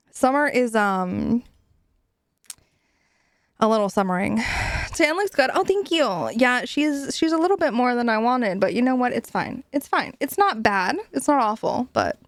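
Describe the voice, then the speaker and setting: A young woman streaming from home, chatting casually with her chat, giggly, swearing often and animated. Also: a little high, a little slow, long pauses, dry recording. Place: home room.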